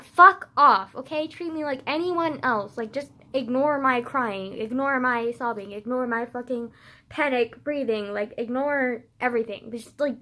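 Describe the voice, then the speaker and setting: A teenage girl telling a story in a casual rant, peppered with "like" and swearing, dropping to low mutters and then flaring up loud. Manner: swearing, frequent "like" fillers, swings from low mutters to loud outbursts. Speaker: vlogger.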